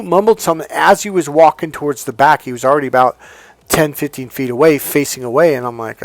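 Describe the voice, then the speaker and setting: A middle-aged man coaching with blunt, profane emphasis, swinging from loud commands to low asides. His voice sits a little high for a man. It sounds dry and close, with no room echo. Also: lively intonation, brisk. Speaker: dating and relationship coach. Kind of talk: emphatic motivational monologue.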